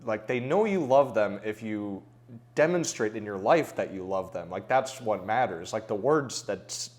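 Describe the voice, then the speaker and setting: A man with a fairly low voice hosts a relaxed podcast conversation. He thinks aloud, restarting and repeating words as he works toward his point. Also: unhurried. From United States. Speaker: podcast host. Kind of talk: casual conversation.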